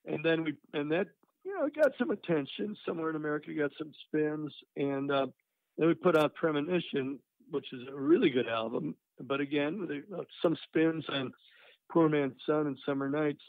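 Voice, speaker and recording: Over a dry, tinny phone connection, an older man with a highish voice and moderate pace shares stories from his music career. It's a casual storytelling interview, loose and rambling with plenty of "uh" and "you know."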